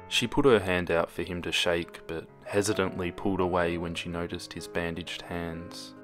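Deep-voiced male horror story narrator. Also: normal speed. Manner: steady, dramatic reading with hushed moments. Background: music.

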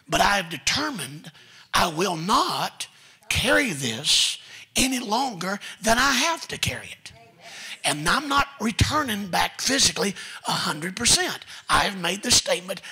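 A man preaching a sermon in a church, telling stories with folksy asides and building to shouted commands. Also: high-pitched, animated, moderate pace, breathy edge, some chatter behind. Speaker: guest preacher. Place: church sanctuary.

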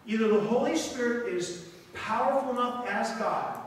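A man's voice: extremely high pitch, moderate pace, a little hiss or hum. A man preaching a sermon as a guest speaker, reading scripture aloud with dramatic commentary between the verses. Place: church sanctuary. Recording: echoey church hall from far off.

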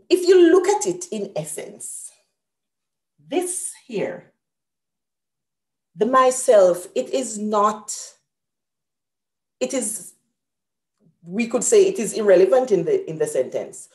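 A woman's voice: medium pitch, very animated, slow pace, pauses often, darkish tone, reverberant. A woman teaching a live grammar lesson at a whiteboard, explaining patiently step by step and correcting herself aloud. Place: room with a whiteboard.

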